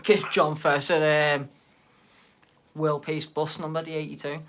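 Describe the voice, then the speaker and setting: A man's voice: on the high side, level tone, measured pace, fairly bright tone. Chatty Liverpool-accented man hosting a live stream. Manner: chatty, banters with viewers in the chat. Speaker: livestream host. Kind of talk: casual live-stream chat.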